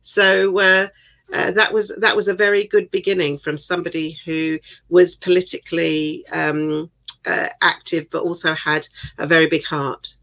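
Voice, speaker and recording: A woman's voice: on the low side, fairly even intonation, moderate pace, gravelly, a bit bright, poor audio. An older woman from England, an author talking as a guest in a casual interview, chatty and laughing often.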